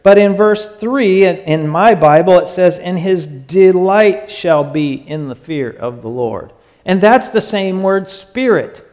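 A man preaching a sermon in an emphatic way, stretching out his phrases and sometimes dropping to a hush. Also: a little high. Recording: long hall reverb.

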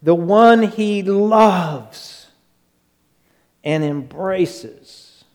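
Male pastor, high voice, slow emphatic sermon delivery, long hall reverb. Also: darkish tone. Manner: slow, emphatic preaching with quick acted asides.

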